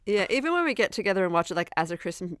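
A woman's voice: fairly low pitch, very animated, racing, fairly bright tone, clean tone, no echo, clean studio sound. A young woman co-hosting a podcast in casual chat, laughing often and acting out quoted lines. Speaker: podcast co-host.

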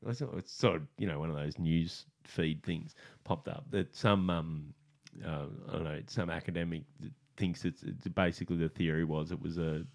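Young Australian guy, deep voice, easygoing anecdotes. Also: fairly even intonation, normal speed, vocal fry. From Australia, grew up in the country. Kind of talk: casual chat, storytelling.

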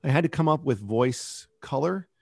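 A man's voice: medium pitch, lively intonation, moderate pace, vocal fry, no echo, studio quality. A middle-aged man who creates a kids podcast, talking reflectively in a casual interview. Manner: reflective, rambling with restarts.

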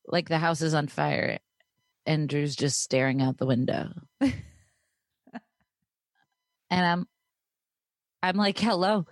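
A woman's voice: deep voice, animated, slow, pauses often, dry recording, clean studio sound. A woman co-host in casual chat who talks hesitantly and laughs between phrases.

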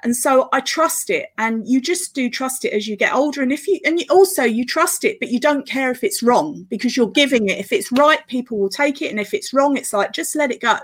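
A middle-aged woman, a guest on a podcast interview, telling her story in a flowing, earnest way with quick laughs. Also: high-pitched, lively intonation. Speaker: guest, author and festival organiser.

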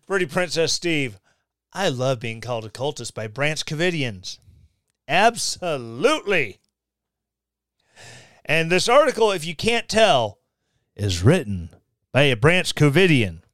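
A man's voice: a little high, very animated, slow pace, pauses often, a bit bright, no echo. A man hosting a podcast, reading a news article aloud and breaking in with sarcastic, mocking asides. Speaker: podcast host. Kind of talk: casual commentary.

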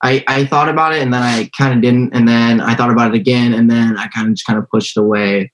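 A man's voice: medium pitch, steady tone, fast, poor audio. A young man sitting in on a reading, answering briefly and hesitantly. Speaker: sitter.

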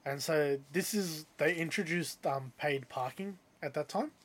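Young guy, slightly high voice, animated casual storyteller. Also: unhurried, slightly rough. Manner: animated, rising loud when quoting others.

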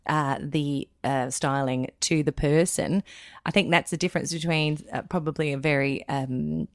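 A woman hosting a podcast in casual chat, chatty and quick to laugh. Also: low-pitched, steady tone, no room sound, studio quality. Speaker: podcast host.

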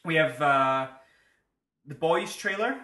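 A man's voice: a little high, animated, slow, bright, forceful tone, roomy sound. A man co-hosting a podcast, chatting casually and rambling with frequent laughs. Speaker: podcast co-host. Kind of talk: casual chat.

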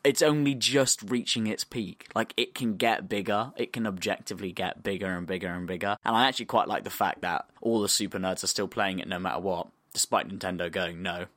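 A man's voice: fairly quick, hardly any pauses, no echo. A man co-hosting a podcast, bantering casually and voicing strong opinions. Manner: opinionated, lively, drops to a low mutter when arguing. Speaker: podcast co-host.

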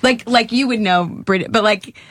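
A woman chatting in a playful, animated way, a comic performer who slips into joke voices. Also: mid-range voice, unhurried, no room sound, studio quality. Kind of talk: casual chat.

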